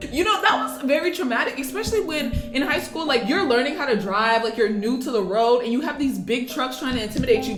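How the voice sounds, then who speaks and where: A woman's voice: sits high, expressive, fast talker, few pauses. Playful American woman, echoey room with music. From Texas, USA. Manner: playful, jokey, swings between loud outbursts and mutters. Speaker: YouTuber host. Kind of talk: casual vlog commentary. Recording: roomy echo with music behind.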